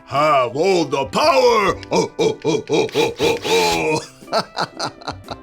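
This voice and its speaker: A woman's voice: fairly low pitch, sing-song, slow, soft background music. A woman playing a cheerful male handyman who tells a Bible story to children, calling them to join in with actions. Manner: playful, calls kids to join in. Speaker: children's church presenter.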